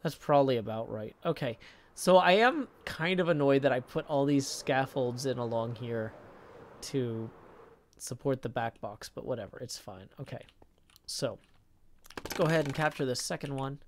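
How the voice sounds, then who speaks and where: A man's voice: medium pitch, moderate pace, a little hiss or hum. A man chatting casually while gaming on a live stream, reading viewer comments aloud in an easygoing, self-mocking way.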